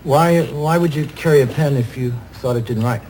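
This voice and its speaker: An actor playing a calm, gentle divine figure who speaks hesitantly and asks quiet questions, in a 1970s TV drama. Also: male voice, medium pitch, normal speed, a little hiss or hum, lightly acted. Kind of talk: 1970s television drama acting.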